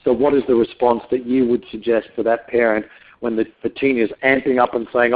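A man's voice: mid-range voice, level tone, a little fast. A man hosting a radio talk show, asking reflective, probing questions. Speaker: radio host. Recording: tinny phone-line audio.

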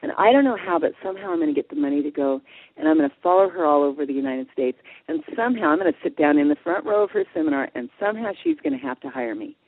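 A woman guest in a radio interview, telling a story in a lively way and acting out what people said. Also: sits low, quick pace, breathy edge. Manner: animated storyteller, acts out quotes. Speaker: guest, passion coach. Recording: dry tinny phone line.

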